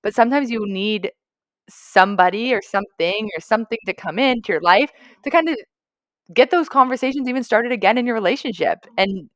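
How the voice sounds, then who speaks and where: A woman's voice: fairly high pitch, expressive, a little fast, no echo, clean studio sound. Reflective young woman in long run-ons. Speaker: podcast co-host. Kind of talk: casual chat.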